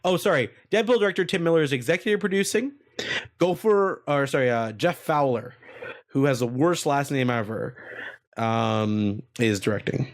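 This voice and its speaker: A man hosting a casual podcast, swearing freely and riffing in an animated, jokey way. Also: mid-range voice, moderate pace. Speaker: podcast host.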